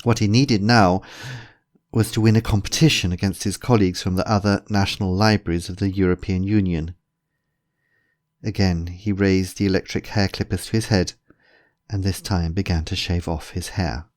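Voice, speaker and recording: A man reading a humorous story aloud in a measured, even storytelling manner. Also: low-pitched. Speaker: narrator. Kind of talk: scripted narration.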